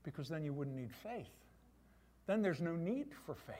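A middle-aged male pastor preaching a sermon to his church, animated, with voiced asides. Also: a little high, normal speed.

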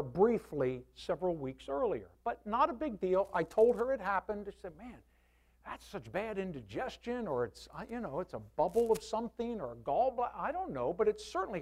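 A man in his sixties, a pastor, telling a personal testimony to his congregation in an animated, candid way with self-deprecating humor. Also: high-pitched.

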